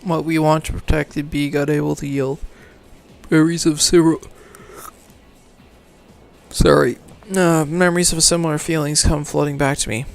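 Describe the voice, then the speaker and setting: A man reading a game's story aloud for a let's play, halting and correcting himself, then signing off casually. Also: a little high, little pitch movement, creaky, faint music behind. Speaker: let's player, reading game text. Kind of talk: reading game narration aloud, casual outro.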